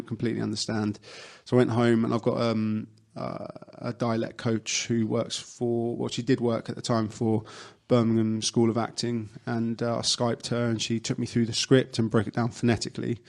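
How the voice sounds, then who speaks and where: A young adult man speaks in a gravelly, fairly flat voice as a guest in a casual interview. He tells his stories at length, with frequent fillers and false starts. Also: mid-range voice. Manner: chatty storyteller, many fillers and restarts. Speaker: actor guest.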